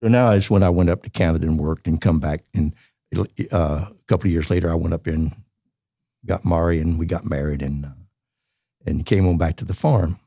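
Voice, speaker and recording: A man's voice: deep voice, fairly quick, mellow, dry recording, clean studio sound. A man in his eighties with a Southern US accent, a podcast guest telling long rambling stories and laughing as he goes. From Georgia, USA. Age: 80s. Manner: colorful rambling storyteller, laughs as he tells it. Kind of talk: storytelling interview.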